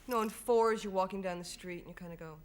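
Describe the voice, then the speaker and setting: Young american actress on a tv chat show, giggly, tells stories all animated. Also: female voice, medium pitch, very fast. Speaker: film actress guest. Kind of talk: studio chat show interview. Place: television studio.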